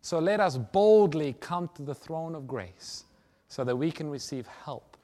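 Hushed-to-loud preacher man. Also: fairly high pitch, expressive, unhurried. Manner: dynamic, swings from loud emphasis to hushed near-whispers. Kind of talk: sermon with storytelling.

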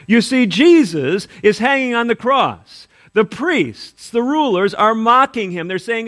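A man preaching a sermon, quoting scripture aloud and swinging between emphatic rises and quiet drops. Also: high voice, very animated, takes it slowly. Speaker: pastor.

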